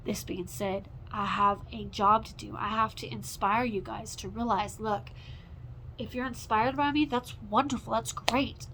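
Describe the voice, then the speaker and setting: A woman in her forties ranting in an unscripted, profane monologue, rambling and swinging between loud outbursts and low mutters. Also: fairly even intonation, unhurried, slight background noise, low-quality recording. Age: 40s.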